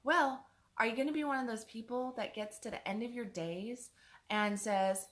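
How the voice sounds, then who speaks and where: Woman coach talking motivation, higher voice, says things twice to hammer them home. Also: normal speed, bright, forceful tone. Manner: emphatic, repeats points for stress; chatty, acts out other people's words. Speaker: life coach. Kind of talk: motivational morning talk.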